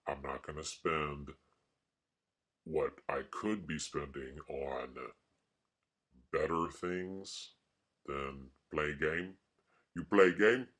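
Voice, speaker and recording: A man's voice: extremely low pitch, fairly even intonation, extremely slow, pauses often, fairly bright tone. A man vlogging and rambling casually in a wry, mock-grumpy way. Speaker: art vlogger.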